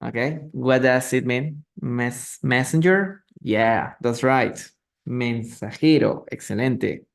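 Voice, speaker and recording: Speaking slowly in a creaky, mid-range voice, a Peruvian man runs a live online English reading lesson over a phone or computer mic. He patiently repeats and translates words, asks his students questions, and greets those watching.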